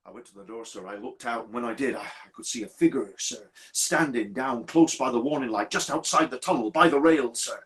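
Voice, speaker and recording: Guy doing a spooked old-timey railway signalman, halting and earnest, sir this sir that, live story telling. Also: mid-range voice, fairly bright tone, natural voice. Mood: hushed, haunted. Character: haunted, deferential middle-aged male railway signalman.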